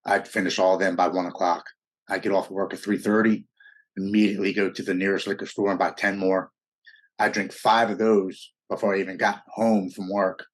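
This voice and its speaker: A man in his forties from the United States, telling his personal recovery story in an earnest, halting way in an interview. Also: low voice. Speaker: interview guest.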